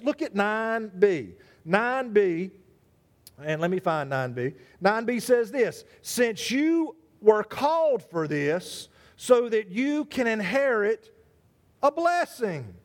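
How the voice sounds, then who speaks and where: High-voiced, animated preacher man. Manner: animated, conversational, calls out congregation members by name. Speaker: pastor. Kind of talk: sermon.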